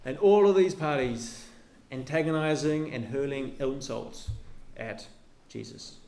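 A man preaching a sermon as pastor, earnest, with his voice dropping low and soft at the ends of phrases. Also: measured pace, vocal fry, roomy sound. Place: church.

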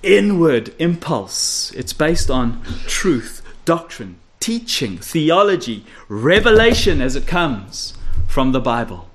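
A man delivers an expository sermon, stressing key phrases by repeating them and dropping low and quiet, and asking his listeners rhetorical questions. He speaks slowly with big pitch swings and hardly any pauses.

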